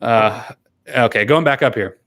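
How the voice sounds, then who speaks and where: A man's voice: medium pitch, a little slow, fairly bright tone. A man chatting casually on a live stream, rambling with fillers and laughs, and earnestly thanking viewers. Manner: earnest and grateful when thanking donors. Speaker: YouTuber hosting a live stream. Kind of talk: casual live-stream chat, reading and answering viewer comments.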